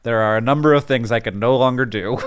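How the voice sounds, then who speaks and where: A man in his forties co-hosts a podcast in a loose, playful chat. He jokes through silly mock sponsor reads, and his voice jumps up in pitch when he wants emphasis. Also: fast talker, clean tone. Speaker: podcast co-host.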